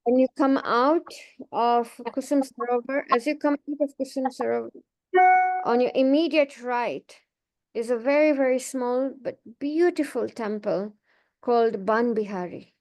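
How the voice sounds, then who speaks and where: A woman giving a devotional class, telling temple stories in a gentle, meandering way with frequent restarts. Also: on the high side, a little slow. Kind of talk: informal devotional talk with slides.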